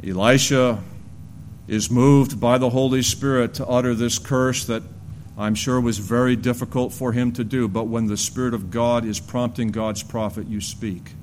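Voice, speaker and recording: A man's voice: moderate pace, a little hiss or hum. Man preaching an earnest sermon. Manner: earnest preaching, rising to animated storytelling then dropping low and grave. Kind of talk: expository sermon.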